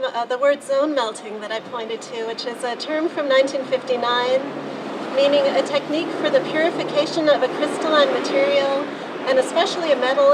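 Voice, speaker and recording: Female poet, friendly explaining tone, higher voice, street recording from a distance. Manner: friendly, explanatory, light fillers. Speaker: poet giving a reading. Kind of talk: introducing and reading a poem. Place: outdoors downtown street. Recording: distant mic, street noise.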